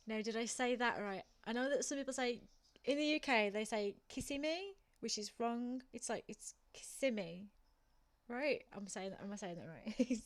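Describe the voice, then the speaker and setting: A young woman from England with a Black Country accent, chatting casually with viewers while streaming a game and laughing often. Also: fairly high pitch. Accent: Black Country (West Midlands English). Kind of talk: casual chat while gaming.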